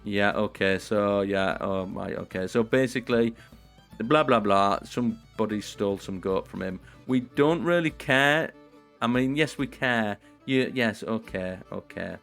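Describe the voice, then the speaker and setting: A man's voice: on the low side, a little slow, vocal fry, faint music behind. A man giving comedic role-play commentary on a strategy game, playful and theatrical, chatting to his viewers. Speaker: gaming YouTuber.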